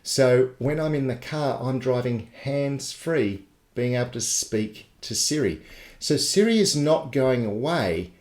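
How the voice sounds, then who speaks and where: A man's voice: medium pitch, lively intonation, unhurried, a little mellow. A man running a live tech tutorial webinar, explaining things step by step in a chatty way. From Australia. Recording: echoey live broadcast.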